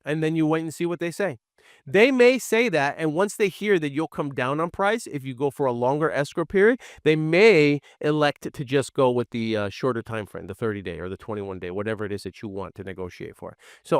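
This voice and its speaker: A man coaching real estate wholesalers, speaking bluntly and acting out his own lines to sellers in a lower, firmer voice. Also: dry recording, studio quality. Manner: direct, blunt, role-plays scripted seller lines in a low firm voice. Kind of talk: training presentation.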